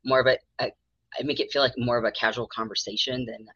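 Bright, animated middle-aged woman therapist. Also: extremely low pitch, fast, breathy edge, no echo. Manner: animated storyteller acting out quoted dialogue. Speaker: mental health therapist, guest. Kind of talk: casual interview conversation. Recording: dull lo-fi dry sound.

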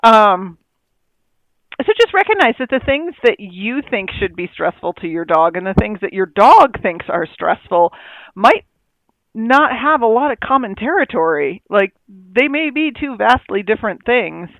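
A woman's voice: a little high, very animated, measured pace, no echo, muffled recording. A woman co-hosting a casual chat about dog training, rambling and acting out her dogs' thoughts in little quoted voices.

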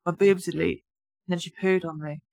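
A woman's voice: fairly low pitch, steady tone, fairly quick, gravelly, darkish tone, no room sound. A woman co-hosting a podcast, a new mother chatting casually and laughing at her own stories. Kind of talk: casual chat.

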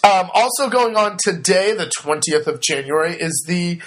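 A man co-hosting a casual podcast, with a slightly high voice. He rambles through his explanations, restarting often and joking at his own expense. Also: fairly even intonation, normal speed, fairly bright tone. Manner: rambling, jokey and self-deprecating. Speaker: podcast co-host. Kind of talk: casual chat.

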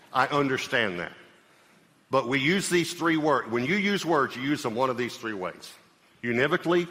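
Bright-voiced man preaching in a hall. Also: mid-range voice. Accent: Southern US. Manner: conversational, repeats phrases, checks in with the audience. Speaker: pastor. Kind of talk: sermon. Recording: live sermon in a reverberant hall.

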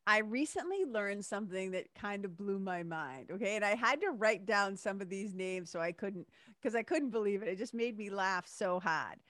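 A woman's voice: medium pitch, animated, moderate pace, a bit bright, no room sound, studio quality. A woman hosting her own podcast, talking in a chatty, enthusiastic way and laughing often. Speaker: podcast host. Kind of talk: casual solo podcast monologue.

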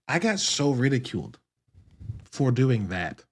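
A man's voice: mid-range voice, big pitch swings, fairly quick, long pauses, slightly rough. A man hosting a solo podcast, talking casually and rambling, swearing often and correcting himself mid-sentence. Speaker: podcast host.

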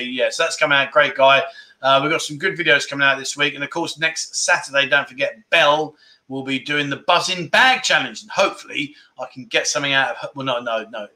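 A man's voice: fairly high pitch, sharp tone. A man hosting a casual livestream chat, effusive and chatty as he keeps thanking his viewers. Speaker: livestream host.

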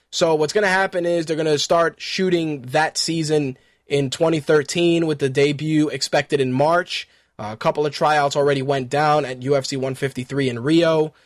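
Guy hosting a web radio show, kinda high voice, dry sound, just chatting and running thru fight news. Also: dry recording. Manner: chatty, swears casually, rattles off fight news. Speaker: podcast host. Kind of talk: casual internet radio talk.

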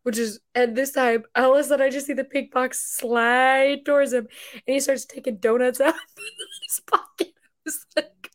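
Lively young woman, laughing a lot. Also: sits high, moderate pace. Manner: animated, laughing storyteller. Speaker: podcast co-host. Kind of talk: casual chat.

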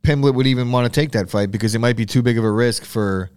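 A man's voice: mid-range voice, quick pace, a little mellow, clean tone, no room sound. A man hosting a casual podcast chat, joking and swearing freely. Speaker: podcast host.

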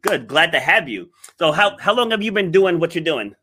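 A man hosts a podcast interview with a bright, forward tone. His voice sits fairly high and swings widely in pitch. He keeps things enthusiastic and affirming, laughing often with his guest. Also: big pitch swings, moderate pace. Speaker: podcast host.

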